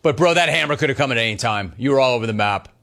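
A man's voice: medium pitch, expressive, racing, gravelly, a bit bright. A middle-aged man hosting a radio call-in show, teasing callers and riffing on their words. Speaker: sports radio host.

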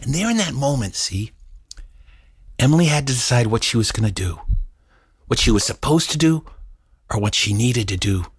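A middle-aged man telling a story in an animated way, acting out voices and sound effects. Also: mid-range voice, moderate pace, long pauses, slightly rough. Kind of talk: storytelling performance.

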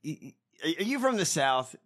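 A man co-hosting a casual political chat, profane and mocking, breaking into loud rants. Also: a little high, sing-song, normal speed. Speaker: podcast co-host.

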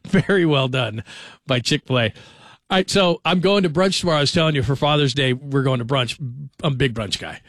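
A man in his forties hosts a sports radio show, spinning joking stories in a chatty, casual talk-radio monologue. His voice is medium-pitched, brisk and slightly bright, with no echo.

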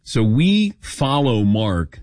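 A man hosting a call-in sports radio show, telling stories and acting out quotes with big swings of pitch. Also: very animated, takes it slowly, a little mellow, no room sound.

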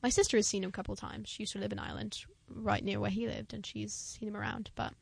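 A woman's voice: medium pitch, flat delivery, fast, gravelly, slightly rough, no echo. A young woman co-hosting a casual podcast chat, talkative and upbeat, with frequent "um"s and "quite"s. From England. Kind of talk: casual chat about TV shows.

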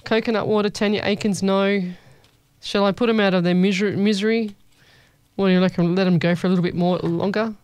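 Brief: woman, radio host, smooth, clear voice, dry studio sound, easygoing chatter with listeners. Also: mid-range voice, fairly even intonation, a little fast, no room sound. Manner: chatty, warm-hearted, calls listeners "lovey". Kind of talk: casual call-in radio chat. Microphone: studio microphone.

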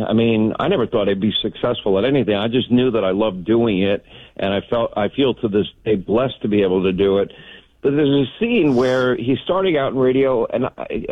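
A man in a casual talk-show chat, telling radio stories with animated, broadcaster-style energy. His voice has a middle pitch and sounds thin and tinny, like a phone line. The room gives no echo at all. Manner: animated storytelling, broadcaster delivery. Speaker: radio host.

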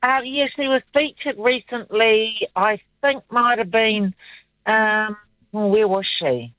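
A woman phoning in to a radio show, her voice fairly high. She talks in an eager, hesitant way and stumbles over her words now and then. The phone line sounds a bit dull, and the sound is dry. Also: slow, no echo. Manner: hesitant, enthusiastic. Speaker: radio caller. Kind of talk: casual phone-in chat.

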